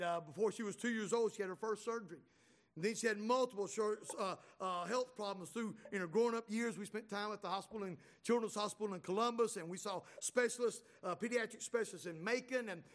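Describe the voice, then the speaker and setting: High-voiced folksy man telling stories. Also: a bit bright. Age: middle-aged. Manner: folksy, chatty, with many restarts. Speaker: speaker. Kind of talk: humorous storytelling to an audience.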